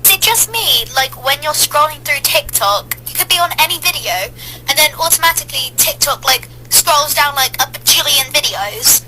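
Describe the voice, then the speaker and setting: A woman's voice: high voice, animated, moderate pace, noisy background. A woman telling relatable stories in a casual voice-over, chatty and full of rhetorical questions.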